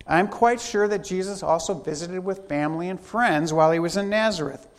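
A man preaching a sermon in a church, speaking in an unhurried, emphatic way with long pauses. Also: sits high. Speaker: pastor. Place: church sanctuary. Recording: long hall reverb.

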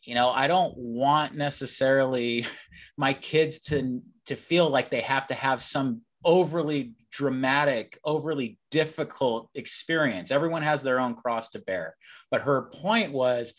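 A man's voice: medium pitch, a little slow. Reflective man hosting a faith chat. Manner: reflective, anecdotal, self-correcting. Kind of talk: casual faith conversation.

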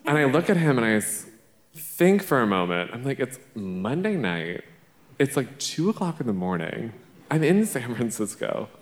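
A man's voice: medium pitch, big pitch swings, normal speed. A man, a drag performer, telling a playful, brash and profane story live on a theater stage. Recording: echoey theater stage recording.

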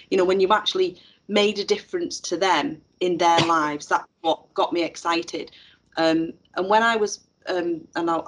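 In a rough recording, a middle-aged woman with a lowish voice chats casually in an interview. A teacher educator, she tells stories full of fillers and restarts.

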